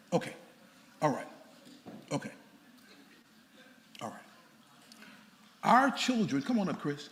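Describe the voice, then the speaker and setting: A pastor preaching a sermon, playful and animated, tossing laughing asides to the congregation. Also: male voice, fairly high pitch. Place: large church sanctuary. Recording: church hall reverb with faint room noise.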